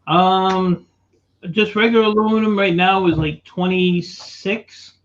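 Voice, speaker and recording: A man's voice: high voice, fairly even intonation, measured pace. A man chatting casually on a podcast, rambling and joking. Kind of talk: casual chat. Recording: muffled lo-fi audio with faint noise.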